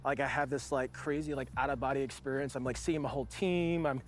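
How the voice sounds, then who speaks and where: A man's voice: medium pitch, fairly even intonation, quick pace, faint music behind. A man in his forties, a veteran guest, telling a long story in a loose, rambling way full of fillers. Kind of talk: casual storytelling.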